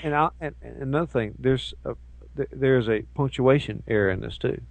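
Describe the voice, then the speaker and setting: A man co-hosting a casual talk show, ranting in an animated way and mocking people with put-on voices. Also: medium pitch, a little fast, creaky, no echo. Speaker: co-host. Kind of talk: casual chat show banter.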